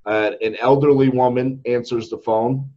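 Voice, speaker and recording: A man's voice: mid-range voice, fairly even intonation, moderate pace, mellow, lo-fi sound. A man, a company CEO, telling a story in casual podcast chat, candidly, and often tagging his sentences with "right?". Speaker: company CEO and home buyer.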